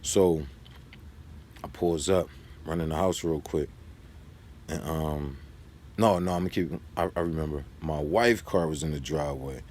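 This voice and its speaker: Deep-voiced man telling a story. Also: unhurried, long pauses, a little mellow, slight background noise. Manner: rambling and street-casual, drifting into advice. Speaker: vlogger. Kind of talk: casual storytelling to camera.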